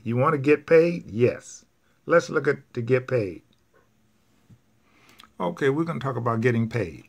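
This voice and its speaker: Male Spanish teacher, mid pitch, very slow, patient and repetitive with his class. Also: fairly bright tone. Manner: patient, repeats each point step by step. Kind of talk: classroom grammar explanation.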